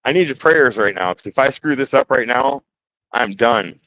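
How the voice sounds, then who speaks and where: In poor audio with a little hiss or hum, a man from the Detroit area, Michigan, chats casually on his woodworking livestream. His mid-range voice is animated and fairly bright at a moderate pace, and he jokes, reads chat aloud and voices his nerves while working.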